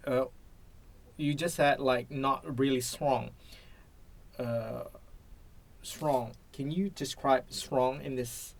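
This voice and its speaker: A slow-talking Indonesian man practicing his English in a conversation drill. He pauses, stumbles and repeats phrases as he reaches for the right words, at an everyday middle pitch. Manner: hesitant, repeats and restarts while searching for words. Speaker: English learner and teacher.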